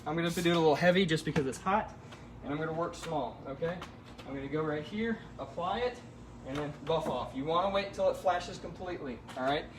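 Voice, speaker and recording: A man's voice: a little high, brisk, echoey room, far from the mic, background noise. Winded man coaching outdoors on a phone. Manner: coaching, keeps checking in with viewers. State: out of breath from the heat. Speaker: auto detailer. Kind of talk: live how-to demonstration. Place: outdoors in hot sun beside a car. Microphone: phone camera.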